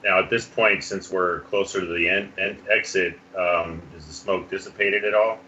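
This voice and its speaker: Deep-voiced thoughtful male player. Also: steady tone, pushed and bright. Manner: thoughtful, halting. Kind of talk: playing a tabletop game. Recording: dull lo-fi home mic.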